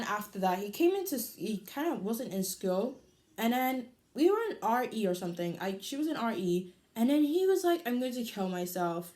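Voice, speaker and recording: A teenage girl telling a storytime on her vlog in a loud, animated, chatty way. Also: medium pitch. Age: teens. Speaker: vlogger. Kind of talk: casual storytime.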